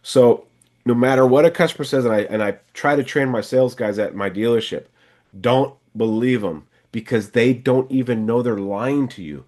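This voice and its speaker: A man's voice: mid-range voice, moderate pace, a little mellow. A man coaching a salesman one on one, casually acting out lines a salesman and a customer might say. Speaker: sales trainer and podcast host.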